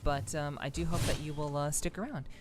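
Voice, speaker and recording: A woman streamer chatting casually while she plays a game, congested and stuffy-nosed, greeting viewers warmly with lots of fillers and doubled words. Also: deep voice, steady tone, brisk, noisy background. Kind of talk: casual live-stream chat while gaming.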